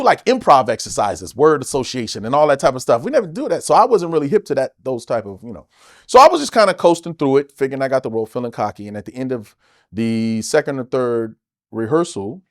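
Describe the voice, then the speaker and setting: A man from the United States, an actor guest telling stories in a casual interview, animated and emphatic, with plenty of swearing. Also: mid-range voice, a little fast, no room sound, studio quality.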